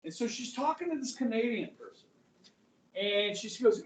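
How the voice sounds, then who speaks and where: A middle-aged man teaching a high school history class, chatty, quizzing students and saying "okay" often. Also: expressive, normal speed, a little hiss or hum. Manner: conversational, asks the class questions, frequent "okay". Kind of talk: classroom lecture. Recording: echoey room, voice from far off.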